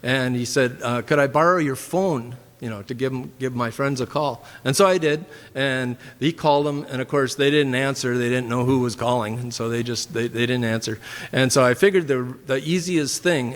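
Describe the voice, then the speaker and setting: A man with a Minnesota accent tells a personal story to a church gathering, easygoing and meandering, often clearing his throat. His voice sits at an ordinary middle pitch. It rings out with the long reverb of a large church hall. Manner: rambling, with fillers and frequent throat clearing. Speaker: church member giving a testimony. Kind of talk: casual storytelling testimony. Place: church sanctuary.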